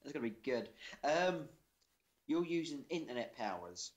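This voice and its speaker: A man's voice: mid-range voice, sing-song, normal speed. A man co-hosting a casual podcast chat, telling facts and jokes with sweary confidence. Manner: sweary, jokey, confident storytelling. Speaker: podcast co-host.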